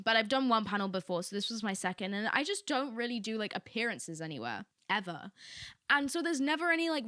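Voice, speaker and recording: A woman's voice: fairly high pitch, sharp tone, dry recording, studio quality. A young woman hosting a casual solo podcast, rambling candidly with lots of "like" asides. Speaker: podcast host.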